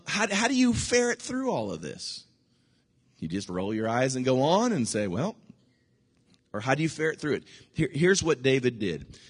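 A man preaching a sermon as pastor, animated, with sudden high bursts and hushed asides. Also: breathy edge, in a large hall.

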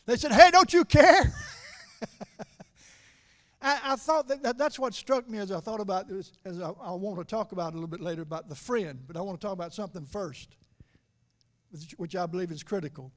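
A middle-aged man preaching a sermon, swinging from loud emphatic lines to low confiding asides and slowly stretching key words for emphasis.

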